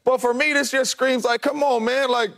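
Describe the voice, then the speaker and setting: A man's voice: very high voice, fairly even intonation, moderate pace, creaky, a bit bright. A man co-hosting a sports talk show, making his case in a loose, conversational way, hammering his point with repeated phrases. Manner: conversational, repetitive emphasis with "like, come on, man". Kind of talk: sports debate.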